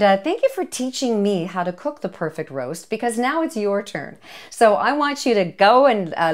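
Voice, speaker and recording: A woman hosting a comic cooking demonstration, talking to camera in a playful, chatty way with jokey asides and little cheers. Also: fairly low pitch. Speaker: cooking show host, home economist.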